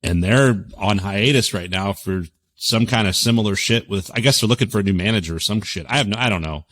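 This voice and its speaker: A man in casual podcast chat, rambling and profane, with sudden loud bursts of emphasis. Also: lowish voice, a little fast, dry recording.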